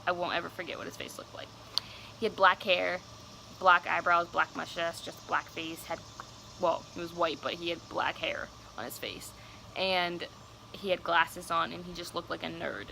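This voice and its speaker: A woman's voice: fairly low pitch, fairly even intonation, moderate pace, gravelly, noisy background. A young woman telling a personal story on her vlog, casual, candid and cursing freely. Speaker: vlogger.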